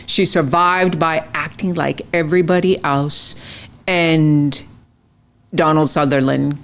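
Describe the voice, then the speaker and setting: Low-voiced middle-aged woman chatting. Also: fairly even intonation, slow. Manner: chatty and earnest, hedging her facts. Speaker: podcast guest. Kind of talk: casual chat.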